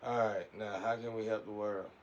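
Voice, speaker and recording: A man with a fairly low voice gives a casual, preachy spiritual monologue, rambling and circling back to repeat his phrases. His intonation is fairly even and his pace moderate. The sound is lo-fi, with a faint hiss behind him.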